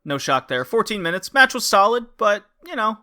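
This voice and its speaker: A man hosts a casual podcast and recaps wrestling shows with lively energy. His voice sits fairly high and sounds bright and forward, and he jumps into put-on voices to act out the wrestlers' lines. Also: moderate pace. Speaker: podcast host.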